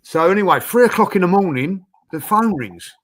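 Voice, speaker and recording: Animated man telling a rambling story. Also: high-pitched, moderate pace. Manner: rambling, animated storyteller with many fillers, acting out quoted voices. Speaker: podcast guest. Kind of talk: casual storytelling chat.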